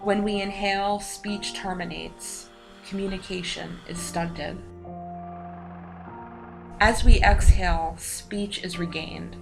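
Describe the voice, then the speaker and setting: A woman giving a slow, solemn scripted voice-over narration for a documentary. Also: mid-range voice, fairly even intonation, vocal fry. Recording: voice-over with music behind.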